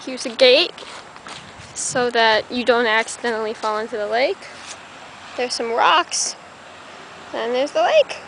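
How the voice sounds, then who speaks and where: A woman's voice: a little high, unhurried, pauses often. A young woman walking around a college campus outdoors, talking casually to a handheld camera in a chatty, rambling way. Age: young adult. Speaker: college student vlogger. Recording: noisy outdoor camera audio.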